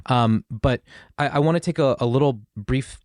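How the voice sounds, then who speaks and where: A man's voice: medium pitch, normal speed, a little mellow, no echo, studio quality. A man hosting a podcast, asking thoughtful, meandering questions in a casual conversation. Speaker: podcast host.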